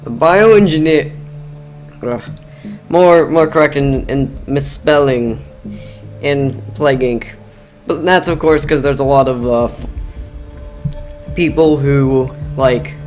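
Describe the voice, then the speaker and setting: A man's voice: medium pitch, takes it slowly, long pauses, faint music behind. A young man hosting casual gaming commentary, rambling and jokey, often cutting himself off mid-sentence. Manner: rambling, self-interrupting, jokey. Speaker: gaming video host.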